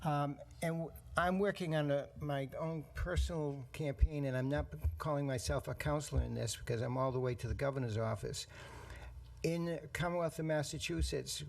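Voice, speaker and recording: A man's voice: mid-range voice, darkish tone. A man speaking as a town councilor at a council meeting, telling anecdotes in a rambling way.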